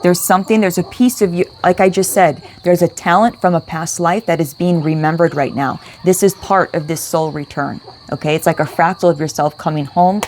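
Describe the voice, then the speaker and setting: Young woman doing a chatty card reading outside, kinda low voice, faint bugs and birds around. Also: fairly even intonation, fairly quick, few pauses, a little mellow, slight background noise. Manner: chatty, swears, talks to her dog in between. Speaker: card reader. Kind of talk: casual spiritual card reading.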